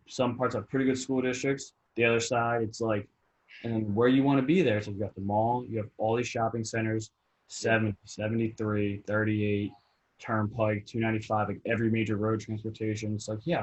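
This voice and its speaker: A young man from New Jersey with a Jersey accent, chatting casually as a realtor guest, rambling and animated, with lots of "like". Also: on the low side, rough recording. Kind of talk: casual podcast chat.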